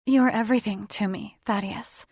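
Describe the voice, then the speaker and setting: A woman voicing a young heroine who speaks in a bright, affectionate tone. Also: medium pitch, fairly even intonation, moderate pace, slightly rough, no echo, studio quality. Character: young woman heroine, devoted and eager lover.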